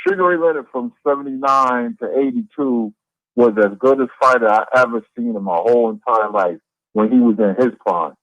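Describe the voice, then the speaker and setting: A man co-hosting a casual boxing chat, talking in a measured, reflective way. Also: mid-range voice, a bit bright, dry recording, muffled recording. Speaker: co-host, boxing commentator. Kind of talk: casual live-stream chat.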